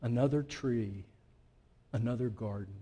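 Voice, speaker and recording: A man preaching a sermon, swinging from loud emphatic peaks to quiet, low asides and putting direct questions to the congregation. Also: unhurried, husky. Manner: emphatic, rising to loud peaks then dropping low and intimate. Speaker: pastor.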